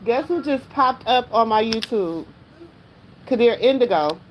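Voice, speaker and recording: A woman vlogger talking casually and emotionally to her viewers, excited and exclamatory, repeating herself often. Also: fairly high pitch, measured pace, slight background noise, low-quality recording.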